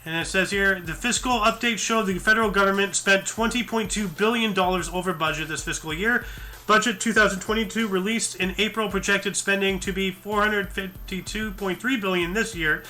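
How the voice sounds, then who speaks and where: Tired man, high sharp voice. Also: fairly even intonation, brisk. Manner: rambling asides, many fillers and restarts. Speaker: news show host. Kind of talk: casual news commentary read from articles.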